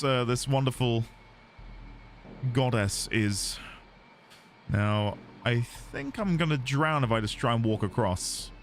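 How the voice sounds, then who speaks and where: A man's voice: medium pitch, background noise. A man with a British accent chatting casually while streaming a game, rambling through explanations and amused at himself. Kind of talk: casual gameplay chat.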